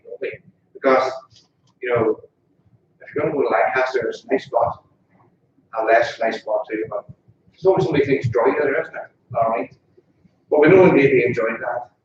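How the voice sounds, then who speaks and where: Brisk and medium-pitched with big pitch swings, a Northern Irish funeral officiant gives a jokey, informal eulogy, repeatedly questioning the mourners. He's in a funeral parlour chapel, and the distant recording sounds echoey, dull and noisy.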